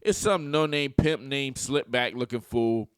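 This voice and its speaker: Slangy opinionated male vlogger, smooth voice. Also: medium pitch, unhurried, no room sound, studio quality. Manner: opinionated, slangy, joking asides. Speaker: YouTube commentator. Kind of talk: casual political commentary vlog.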